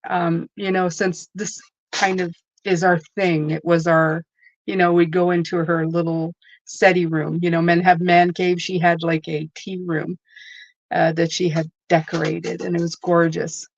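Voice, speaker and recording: Gravelly-voiced woman, chatty tarot host. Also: lowish voice, flat delivery, measured pace, dry recording, lo-fi sound. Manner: chatty and rambling, with many asides. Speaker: tarot reader hosting a live stream. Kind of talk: casual live-stream chat.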